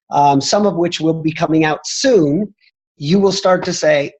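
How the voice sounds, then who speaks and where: A man's voice: a little high, unhurried, darkish tone, breathy edge, rough recording. A man answering questions as a company executive, talking emphatically and often pressing his point with "I'm telling you.". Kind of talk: motivational talk on a training call.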